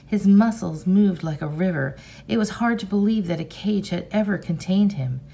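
A teacher reading a novel aloud to her class in a measured, expressive storybook manner. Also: medium pitch, creaky, husky.

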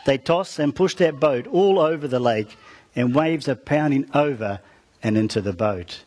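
Husky-voiced preacher telling a story. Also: male voice, mid-range voice, normal speed. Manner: dramatic retelling that drops soft at phrase ends; talks to the listeners with asides. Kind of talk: storytelling sermon.

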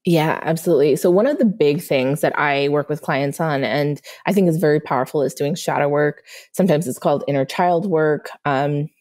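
Woman coach on a podcast, low mellow voice, chatty, keeps saying right?. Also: brisk, few pauses. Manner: animated storytelling, frequent "right?" check-ins. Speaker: manifestation coach. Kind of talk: podcast guest interview.

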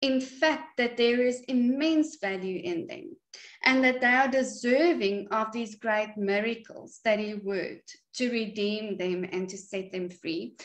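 A woman teaching a Bible study at home in an earnest, unhurried way with some fillers. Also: a little high. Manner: slow, earnest, with frequent fillers. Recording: echoey room.

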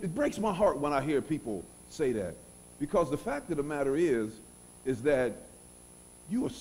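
A middle-aged male pastor preaching a sermon in a church. His voice rides a lively, animated pitch that sits slightly high for a man, and he drops to near-quiet asides before rising to loud bursts. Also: slight background noise.

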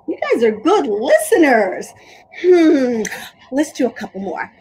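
It's a young woman warming up small children for creative drama, bouncy and sing-song, complete with playful animal noises. Her voice sits high and moves a little slowly, captured on poor audio.

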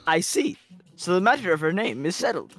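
A man's voice: sits high, big pitch swings, a little fast, fairly bright tone, faint music behind, exaggerated voice. A man in a live fan dub voicing a chatty middle-aged male academy chairman who rambles, trips over his words and restarts.

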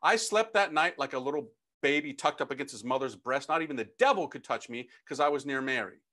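A man who is a priest, from the United States, telling his own testimony to an audience in an animated, slangy, emphatic way. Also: medium pitch, a little fast. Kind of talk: personal testimony talk to an audience.

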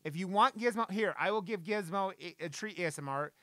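A man's voice: high voice, fairly quick, fairly bright tone, no room sound. A man live-streaming from his desk at home, chatting in a playful way and swearing casually.

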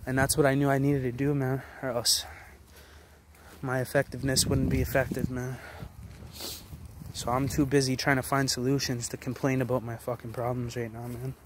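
A man's voice: mid-range voice, flat delivery, normal speed, background noise. A man in his late twenties giving a blunt, heavily profane motivational rant straight to the camera, full of restarts and repetitions. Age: 20s. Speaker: vlogger.

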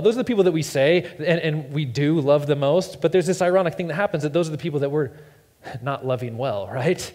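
A man's voice: a little high, darkish tone. A man in his thirties preaching a sermon as pastor, telling stories casually and stumbling over repeated words. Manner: casual storytelling, repeats words, self-deprecating. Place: church sanctuary. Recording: long reverb in a church hall.

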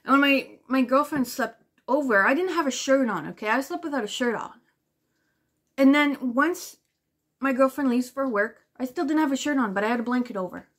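Woman vlogger, higher-pitched voice, casual rambling talk, lots of swearing and fillers, indignant. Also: moderate pace. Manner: rambling and profane, full of "like" fillers; animated and indignant while retelling. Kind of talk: casual storytelling to camera.

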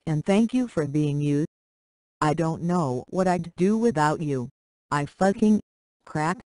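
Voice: mid-range voice, darkish tone, dry recording, lightly acted, poor audio. A reader voicing a young man reading his wedding vows, flustered, gushing and affectionate.

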